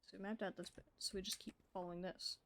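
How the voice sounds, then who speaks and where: A woman's voice: mid-range voice, flat delivery, fast talker, fairly bright tone, slight background noise. A woman streaming a game, chatting casually and talking to the creatures on screen. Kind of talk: casual gameplay chat.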